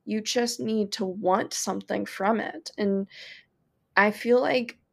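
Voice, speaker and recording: A woman's voice: medium pitch, steady tone, gravelly. A woman who teaches art, talking earnestly and with enthusiasm as a guest on a podcast conversation. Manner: earnest, enthusiastic, talks fast in bursts.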